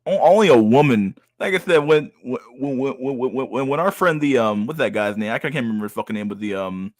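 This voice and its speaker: A man's voice: mid-range voice, animated, a little fast, no room sound. A man hosts a casual livestream and reacts to clips in a loose, profane rant. He trips over repeated words and keeps tossing in "dog". His mid-range voice sounds dry and close to the mic. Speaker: streamer host.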